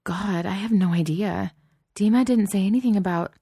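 A woman reading a story, voicing a young female college student who is earnest, apologetic and quick to worry. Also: mid-range voice, mellow, slightly rough, no echo, clean studio sound, voice pushed up. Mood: worried.

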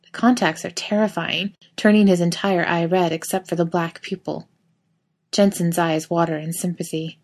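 A woman reading a story aloud in steady narration. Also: lowish voice, normal speed.

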